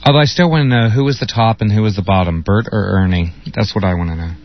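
A man's voice: on the low side, fast. A man on a radio talk show panel, outspoken and joking, chatting casually with his co-hosts. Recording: dull, lo-fi radio sound.

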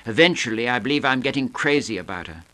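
A man voicing a smug young charmer who drawls slowly with great self-satisfaction. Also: medium pitch, lively intonation, sharp tone. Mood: drawling.

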